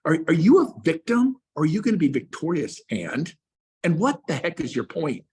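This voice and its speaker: A man's voice: fairly high pitch, big pitch swings, moderate pace, a little mellow, husky. A man, a real estate coach, giving an emphatic motivational speech to agents and firing rhetorical questions at them. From Texas.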